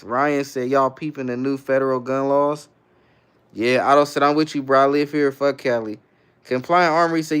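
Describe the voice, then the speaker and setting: A young man hosts a casual livestream, reading each viewer comment aloud and then answering it in easygoing slang. His voice sits a little high for a man and comes through smooth and clear. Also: a bit bright. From San Francisco Bay Area, California. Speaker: livestream host.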